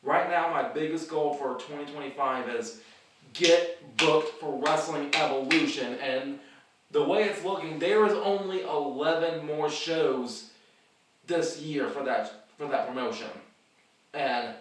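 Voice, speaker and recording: A man's voice: on the high side, unhurried, a bit bright, slight background noise. A man hosting his own vlog, rambling about his wrestling goals, stumbling over words and restarting sentences, in a casual monologue. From the Carolinas. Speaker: independent wrestler and vlog host. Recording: echoey room, mic at a distance.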